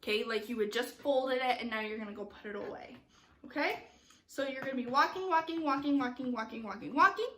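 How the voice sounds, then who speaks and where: A woman's voice: high voice, brisk, pushed and bright, slight background noise. A woman teaching youth theater online, giving upbeat stage directions and checking in with "okay?" as she goes. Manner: upbeat, instructive, frequent "okay?" check-ins.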